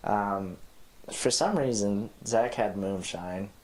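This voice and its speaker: A man's voice: on the low side, slow, a little mellow, a little hiss or hum. A young man, a podcast guest, telling a rambling, profane story in casual chat and laughing easily. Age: young adult. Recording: roomy echo.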